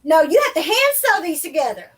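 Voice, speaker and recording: High, lively woman chatting. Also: fairly quick. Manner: expressive, exasperated storytelling. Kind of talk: casual chat.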